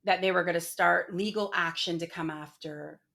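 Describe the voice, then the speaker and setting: A woman's voice: fairly low pitch, fairly even intonation, moderate pace, vocal fry, a bit bright. A middle-aged woman, a podcast guest, candidly telling a personal story with many "like" fillers. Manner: frequent "like" fillers, emotional retelling.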